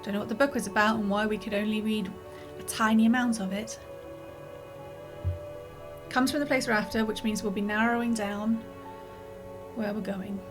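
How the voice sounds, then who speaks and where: Over music, a woman streamer talks at normal speed in a mid-range, steady voice, pausing often. Her casual game commentary is rambling and apologetic, full of restarts and fillers, and she sounds a bit out of breath and yawns.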